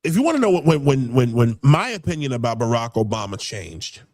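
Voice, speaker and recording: A man's voice: medium pitch, sing-song, brisk, darkish tone. A man hosting a casual political talk show, heated and rambling, often repeating words as he builds his point. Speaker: podcast host.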